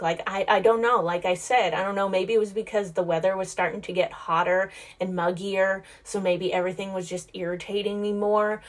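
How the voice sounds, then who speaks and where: A woman in her thirties hosting a podcast, talking about her faith in an earnest, heartfelt way and speaking straight to her listeners. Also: fairly low pitch. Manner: conversational, with frequent "like" and restarts. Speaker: podcast host. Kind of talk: casual faith-based talk.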